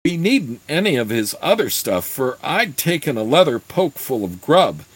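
A man reading aloud voices a small, eager apprentice boy who pleads and flares up quickly. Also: mid-range voice, big pitch swings, husky, no echo. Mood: pleading.

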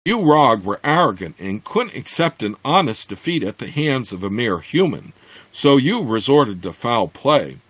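Man doing a female weretiger, stern, scornful, husky, lively pitch, storybook. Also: normal speed, dry recording. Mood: scolding. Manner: scornful, commanding.

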